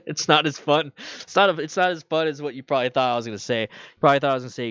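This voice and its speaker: A man's voice: medium pitch, fast, fairly bright tone, smooth, dry recording. Man, streamer, casual chat, slightly muffled, dry sound. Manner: chatty, loose, reads viewer questions aloud. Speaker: motorcycle channel host. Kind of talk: casual livestream Q&A.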